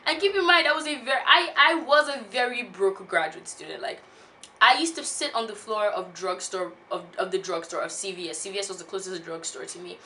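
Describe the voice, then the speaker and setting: A woman in her twenties, a beauty vlogger, telling a personal story in a casual, animated way. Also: mid-range voice, fairly quick, a little hiss or hum. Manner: animated, laughs often while telling.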